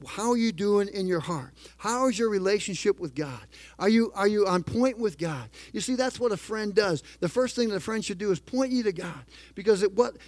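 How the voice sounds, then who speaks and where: Emphatic higher-voiced male pastor preaching. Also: a little mellow, no echo. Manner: emphatic, call-and-response preaching. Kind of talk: sermon.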